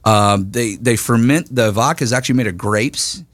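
A man's voice: mid-range voice, normal speed, no echo, studio quality. Laid-back chummy man host. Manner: relaxed, chummy, laughs often, says "man" and "dude". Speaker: radio show host. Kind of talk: casual chat.

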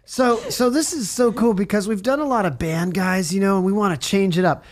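In casual interview chat on his recovery radio show, a man rambles, jokes and shows plenty of enthusiasm. His voice is high-pitched and brisk, recorded on an on-camera studio mic.

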